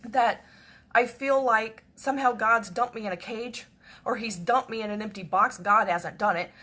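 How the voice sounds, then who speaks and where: A woman telling a personal story in a chatty, repetitive way that often drops to a hush. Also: a little high, moderate pace. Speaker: devotional speaker.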